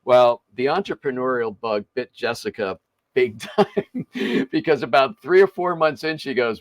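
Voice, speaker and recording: A man's voice: mid-range voice, moderate pace, no room sound. Chatty older man hosting a podcast. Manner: chatty, chuckling, self-interrupting. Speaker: podcast host. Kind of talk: casual interview storytelling.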